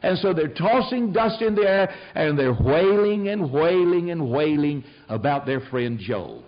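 An older man preaching a sermon, telling stories in an animated, emphatic way. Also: on the high side, measured pace. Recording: dull lo-fi sound.

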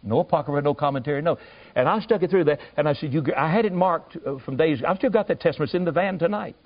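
A man preaching, telling a folksy, animated story with asides to his listeners. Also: on the high side, quick pace. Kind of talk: storytelling sermon. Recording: muffled lo-fi recording.

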